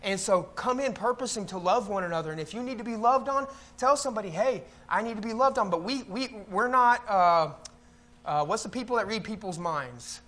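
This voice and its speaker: Brief: male pastor, high tenor, casual church sermon, teasing impressions of grumblers. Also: expressive, a little fast, pushed and bright. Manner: conversational preaching, mocking voices of complainers. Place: church sanctuary.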